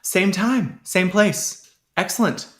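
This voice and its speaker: A man co-hosting a podcast in casual chat, enthusiastic and quick to jump into the news. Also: sits high, fairly bright tone. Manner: chatty and enthusiastic. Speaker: podcast co-host.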